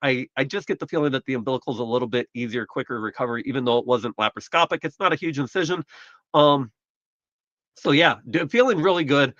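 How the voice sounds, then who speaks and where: A man's voice: mid-range voice, fast, a bit bright, no echo, lo-fi sound. A man from the United States hosting a casual live stream, chatting in a rambling, self-correcting way while recovering from surgery. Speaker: livestream host.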